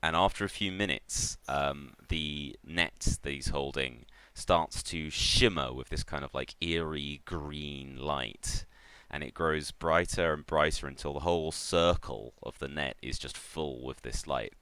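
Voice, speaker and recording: A man with a very deep, smooth, resonant voice narrates a tabletop role-playing game in a relaxed, meandering way, pausing on fillers. The sound is dry and close to the mic. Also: dry recording. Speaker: game master.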